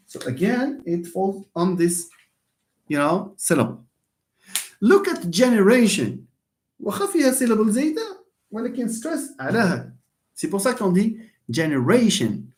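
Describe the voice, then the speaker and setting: A man's voice: high voice, very animated, a little fast, long pauses, darkish tone. A man with a Moroccan accent giving a classroom lecture as a university English teacher, mixing in Arabic and French and repeating key words for emphasis.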